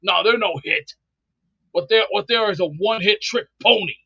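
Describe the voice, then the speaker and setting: A man's voice: high-pitched, moderate pace, creaky, sharp tone, husky, no echo, dull audio. A man who calls in regularly to a talk show, grumbling and ranting in a blustering way and often repeating himself. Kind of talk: ranting call-in banter.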